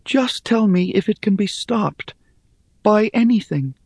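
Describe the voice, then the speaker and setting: A man's voice: high voice, lively intonation, a little slow, vocal fry, husky, dry recording, clean studio sound, pitched above the performer's own voice, heavily acted. A man voicing a pleading young girl. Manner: urgent, pleading. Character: earnest young forest girl, anxious, pleading.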